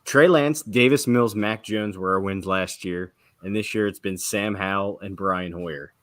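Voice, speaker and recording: A man with a very low voice talks football on a casual podcast. He picks plays apart analytically and keeps quizzing the others on stats. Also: unhurried. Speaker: podcast co-host. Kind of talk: casual sports chat.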